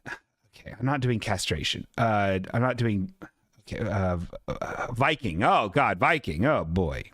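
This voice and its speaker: A man's voice: lowish voice, expressive, measured pace, a bit bright, no room sound, clean studio sound. A man hosting a live-streamed podcast in casual chat, rambling, self-deprecating and swearing a lot. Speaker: podcast host.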